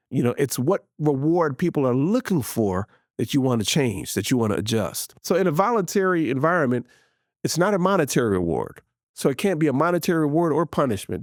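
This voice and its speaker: A man's voice: a little high, darkish tone, dry recording, studio quality. A man hosting a faith-based leadership show, teaching in an earnest, emphatic way and repeating key words for stress. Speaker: podcast host. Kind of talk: motivational teaching talk.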